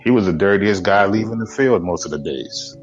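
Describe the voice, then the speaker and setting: A man's voice: lowish voice, lively intonation, a little fast, lo-fi sound, soft background music. A man co-hosting a podcast, chatting about sports in a blunt, opinionated way and cursing now and then. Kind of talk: casual sports chat.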